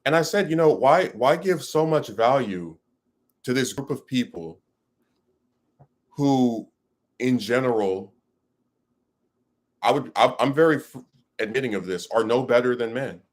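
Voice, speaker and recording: A man's voice: medium pitch, expressive, unhurried, pauses often. A man giving ranting commentary to his audience, emphatic and rambling, with many restarts.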